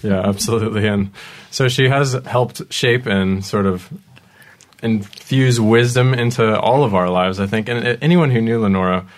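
A man's voice: on the low side, normal speed. A man hosting a studio talk show, easygoing with lots of ums, laughing along with his guests. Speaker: host.

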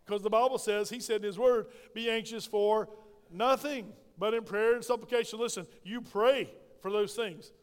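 High-voiced preacher in a reverberant church. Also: male voice, fairly even intonation, fairly quick, few pauses. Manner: folksy, emphatic preaching with call-and-response amens. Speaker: pastor. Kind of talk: sermon. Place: church sanctuary.

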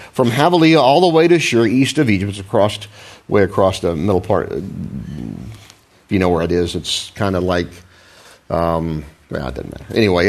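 A man preaching a conversational sermon, with frequent restarts, asides and questions to the congregation. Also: fairly low pitch. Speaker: pastor.

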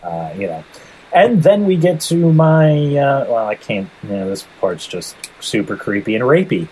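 A man's voice: on the low side, sing-song, moderate pace, darkish tone, slight background noise, poor audio. A man co-hosting a casual anime discussion podcast, laid-back and jokey, laughing easily. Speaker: podcast co-host.

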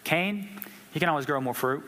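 A man preaches a sermon in a casual, conversational way, putting questions to his congregation. His voice is fairly high and bright. It echoes with a long reverb through a church hall. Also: a little fast, a little hiss or hum. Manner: conversational, asks the audience questions.

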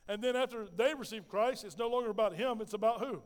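A high-pitched male pastor preaches in a sanctuary with a long, ringing reverb. He keeps it folksy and conversational, tossing questions at the congregation and answering them himself. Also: quick pace. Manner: lively preaching with call-and-response questions. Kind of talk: sermon.

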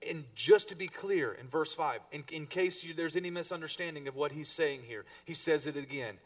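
A man preaching a sermon to his congregation, rising to stress a point and then dropping low. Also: normal speed, recorded from a distance. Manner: preaching to a congregation, with emphatic rises and soft drops. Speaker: pastor.

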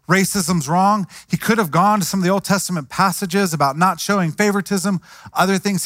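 A man's voice: high voice, a bit bright, no room sound, clean studio sound. A man preaching a sermon in a conversational way, acting out the voices of the people he quotes. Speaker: pastor.

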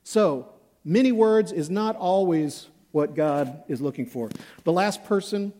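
A man's voice: sits high, unhurried, dark tone. A male pastor preaching a sermon in a conversational, self-deprecating way, acting out examples as he goes.

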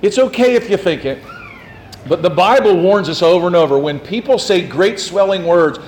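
A man preaching a sermon as pastor, reading scripture in old wording and mimicking flatterers in soft asides. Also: high voice, moderate pace, slight background noise, poor audio. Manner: reads scripture in King James wording.

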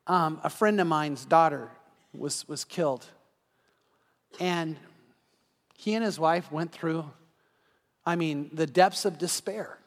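A male pastor giving an evening sermon in a conversational way, acting out everyday scenes in quick quoted voices. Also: fairly high pitch. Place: church sanctuary. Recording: long reverb of a large hall.

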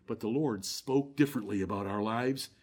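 A man addresses his congregation in a sermon of moderate pace. Rhetorical questions and Bible verses fill his preaching, which rises to fervent intensity before settling into quiet, low passages.

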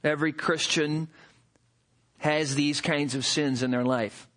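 Man preaching a sermon, high voice, bright and forceful, animated conversational delivery. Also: measured pace. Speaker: pastor.

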